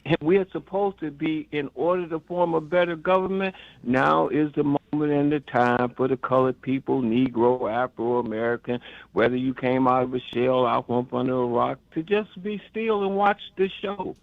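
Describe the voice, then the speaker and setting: An older man from the Chicago area calls in to a radio show with an impassioned, emotional rant, rambling, stammering and repeating himself. His mid-range voice is gravelly, with fairly even intonation and a moderate pace, heard with no room sound over a dull phone line.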